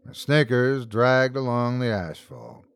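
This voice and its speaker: A man hosting and narrating a scripted horror story in a measured, dramatic first-person telling. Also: medium pitch, sing-song, smooth. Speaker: host and narrator.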